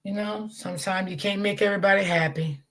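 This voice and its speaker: A woman's voice: medium pitch, steady tone, fast. A woman hosting a casual livestream, talking to her chat and greeting viewers by name. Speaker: livestream host.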